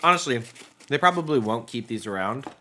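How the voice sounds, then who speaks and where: A man's voice: medium pitch, expressive, fairly quick, sharp tone, slight background noise. A young man co-hosting a snack-tasting podcast, chatting casually in a rambling, jokey way and laughing often. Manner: laid-back, rambling, jokey with frequent laughs. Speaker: podcast co-host.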